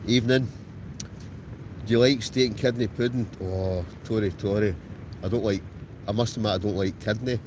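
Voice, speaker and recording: A man's voice: on the low side, steady tone, moderate pace, long pauses, noisy background. A man with an Ayrshire Scottish accent, chatting casually on a livestream and answering viewers by name from a tent. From Scotland. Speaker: livestream host. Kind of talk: casual chat reading live comments. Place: tent outdoors in a storm at night.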